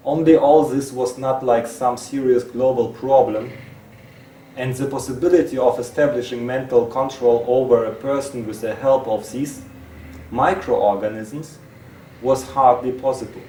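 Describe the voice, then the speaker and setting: A man's voice: medium pitch, fairly even intonation, unhurried, mellow. A man who speaks natively, reading a text aloud with his own asides. He often halts, repeats words and restarts phrases. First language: Russian. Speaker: presenter. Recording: roomy, distant mic, faint hiss.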